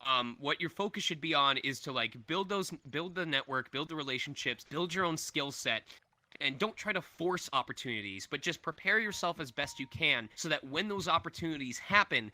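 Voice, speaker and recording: Bright-voiced chatty male voice actor. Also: on the high side, animated, a little fast. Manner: chatty, laughs often, jumps between voices. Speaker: voice actor guest. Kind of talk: convention Q&A answers.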